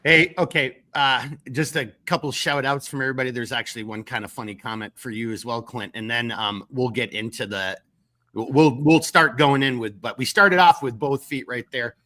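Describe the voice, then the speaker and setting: A man's voice: mid-range voice, moderate pace, pushed and bright. A man with a Minnesotan accent hosting a casual political podcast, rambling with many restarts and casual swearing. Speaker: podcast host.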